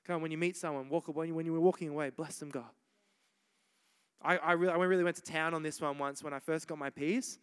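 Energetic Australian preacher in a reverberant hall. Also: male voice, fairly high pitch, rapid-fire, few pauses, smooth. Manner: energetic, repeats himself, exhorting "come on". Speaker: pastor. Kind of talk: sermon. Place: large church hall.

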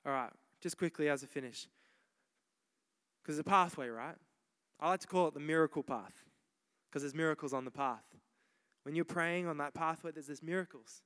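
Energetic Australian preacher in a reverberant hall. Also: male voice, on the high side, moderate pace, pauses often, clear, resonant tone. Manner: energetic, repeats himself, exhorting "come on". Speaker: pastor. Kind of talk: sermon. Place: large church hall.

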